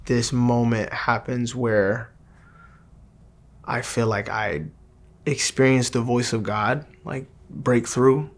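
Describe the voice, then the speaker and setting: A young man telling his personal faith testimony in an earnest, halting way, often restarting his sentences. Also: mid-range voice, steady tone. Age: young adult. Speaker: testimony speaker.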